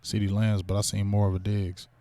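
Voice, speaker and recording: A man with a lowish voice talks briskly as he hosts a sports talk livestream. His style is animated and slangy, and he keeps hyping up donations from viewers.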